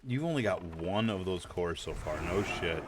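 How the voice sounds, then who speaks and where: A man's voice: low voice, lively intonation, normal speed, a little hiss or hum. A man streaming an online game, chatting casually with a teammate, stammering and repeating words and swearing offhand. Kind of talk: casual gaming chat.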